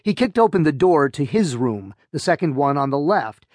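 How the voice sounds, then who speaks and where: An expressive man narrates a children's book with a wry, storytelling lilt. His pitch roams widely, and the close studio sound is dry. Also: moderate pace, dry recording. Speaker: audiobook narrator.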